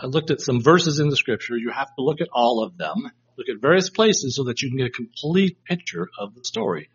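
A man's voice: medium pitch, a bit bright, husky. A man teaching a Bible study class, reflective and reading verses aloud to try out different inflections, in a dull lo-fi recording. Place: room with a live class.

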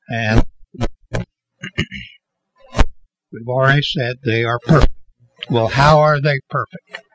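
A man preaching a sermon in a slow, halting way, leaning on key words as he reads verses. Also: mid-range voice, rough recording.

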